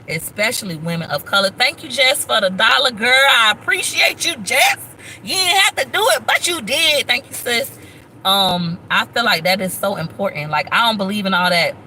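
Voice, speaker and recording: Woman vlogger, 30s, bright chatty delivery, faint hum behind. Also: medium pitch, low-quality recording. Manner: chatty, shouts out thanks to viewers. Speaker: YouTube vlogger on a live stream. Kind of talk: casual live-stream chat.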